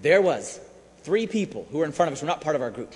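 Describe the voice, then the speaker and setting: A man preaching a sermon as a priest, telling a story with animated swings from hushed to shouting. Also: on the high side, fast talker. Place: church. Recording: long church reverb.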